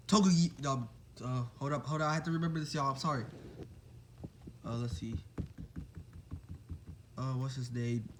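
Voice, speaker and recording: A young man casually retelling a fan story, rambling and excitable, full of fillers and quick apologies. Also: mid-range voice, slight background noise.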